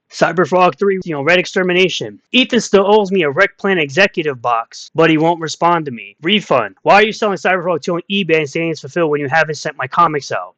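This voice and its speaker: Mocking, combative man with a higher voice. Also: a bit bright, dry recording, dull audio. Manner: combative, mocking, repeats insults. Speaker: online commentator. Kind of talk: ranting commentary.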